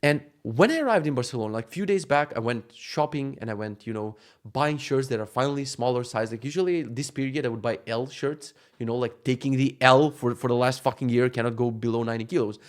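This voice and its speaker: Guy in his 30s ranting fast on his vlog, swears a lot, acts out what people said. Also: medium pitch. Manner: fast, animated, profane storytelling with acted-out quotes. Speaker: vlogger. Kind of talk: casual storytelling vlog.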